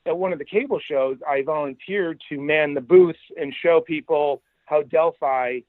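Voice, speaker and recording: A middle-aged man, a podcast guest, telling career stories in a casual, animated way and quoting people along the way. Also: fairly high pitch, moderate pace, no room sound. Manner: animated, anecdotal, quotes people in his stories. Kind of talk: casual storytelling interview. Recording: dry, tinny phone-like line.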